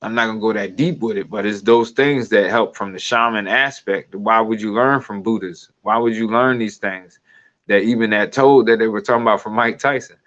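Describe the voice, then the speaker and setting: A man's voice: lowish voice, a little fast, fairly bright tone. A man giving a loose, digressive commentary, laughing now and then as he talks. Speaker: video commentator. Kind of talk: casual rambling commentary. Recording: dull lo-fi sound.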